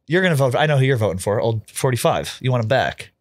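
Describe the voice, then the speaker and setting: A man's voice: medium pitch, sing-song. Teasing male podcast host. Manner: teasing, quick jokes. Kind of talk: casual podcast banter.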